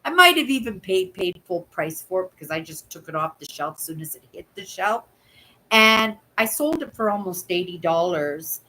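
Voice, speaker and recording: A Canadian woman in her sixties hosts a channel, chatting casually on a live stream and telling stories, constantly tossing in "right?" and acting out voices in quoted dialogue. Her lowish voice is expressive and sharp at a normal speed, on a low-quality recording.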